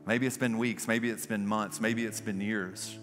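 A man's voice: fairly low pitch, fairly even intonation, normal speed, a bit bright, long reverb tail, soft background music. A man preaching as a pastor, leading an altar call and prayer in an earnest, pleading way inside a large church. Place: large church sanctuary with balcony.

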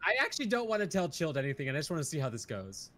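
A man's voice: a little high, sing-song, rapid-fire, very noisy. A man playing an online game with friends, joking with mock indignation in casual chat. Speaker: game player.

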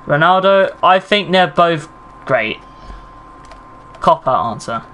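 A man live-streaming a shooter game, talking with his chat as he plays and cursing when things go wrong. His voice sits a little high for a man. Faint ambience hums behind him. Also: expressive, slow pace, pushed and bright, a little hiss or hum, low-quality recording. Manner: chatty, swears when under pressure, answers chat. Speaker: gaming streamer. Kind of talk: live gameplay commentary.

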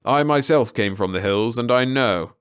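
A man voicing a stern, shrewd old alien officer in a read-along story, speaking slowly in clipped, commanding lines. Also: mid-range voice, clear, resonant tone, lightly acted. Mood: suspicious.

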